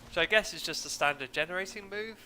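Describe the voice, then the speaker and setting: A young man rambles through a casual game stream in a droning, self-mocking way. His voice sits a touch high and sounds bright and forward, with a sniffle from hay fever. It is picked up on a desk mic at home. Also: fast. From England. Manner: rambling, chatty, self-deprecating. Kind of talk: casual gaming stream commentary. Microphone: desk mic, muted now and then.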